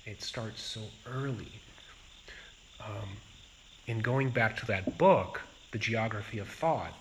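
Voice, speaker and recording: A man as a Zen teacher giving a dharma talk, speaking in a slow and reflective way with pauses. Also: medium pitch, a bit bright, slight background noise, poor audio.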